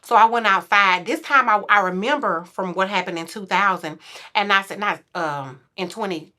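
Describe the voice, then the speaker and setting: A woman in her forties, a podcast guest, telling a story in casual chat and acting out quotes in a louder, higher voice. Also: moderate pace.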